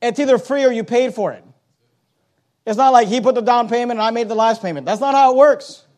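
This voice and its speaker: Emphatic high-voiced male preacher. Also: a little fast. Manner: emphatic, swings from loud urgent points to low quiet asides; reads scripture aloud in old-fashioned wording. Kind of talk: sermon.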